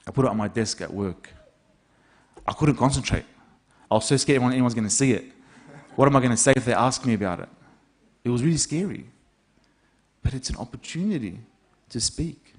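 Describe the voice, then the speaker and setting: A man's voice: mid-range voice, a little mellow. A man, a priest, preaching a sermon in a conversational storytelling way, acting out the lines of the people in his stories. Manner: conversational storytelling, acts out quoted dialogue.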